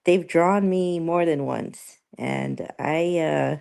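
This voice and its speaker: A young woman streamer chatting casually with her viewers, rambling and halting with many fillers and restarts. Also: low voice, creaky, dark tone, clean tone.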